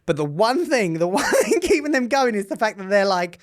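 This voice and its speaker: Lively English woman co-hosting a podcast. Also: mid-range voice, brisk. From England. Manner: animated, chatty, mocking put-on accents. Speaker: podcast co-host. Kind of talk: casual podcast chat.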